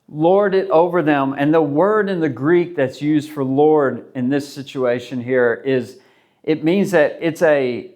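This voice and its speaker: This is a pastor delivering a sermon, a man with a somewhat high voice. He speaks casually and conversationally, slipping into the voices of the people he quotes as he tells the story. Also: a little mellow.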